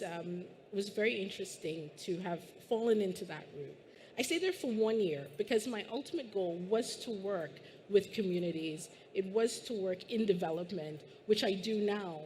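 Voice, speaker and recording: Woman from Guyana, panel speaker, reflective storyteller with a medium pitch and faint background noise. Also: a little mellow. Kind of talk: panel discussion talk.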